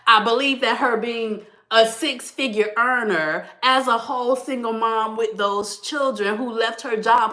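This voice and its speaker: A woman in her thirties hosting her weekly live stream, talking in a lively, preachy way to her viewers, calling them baby and y'all and laughing often. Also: a little high. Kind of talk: casual motivational live stream talk.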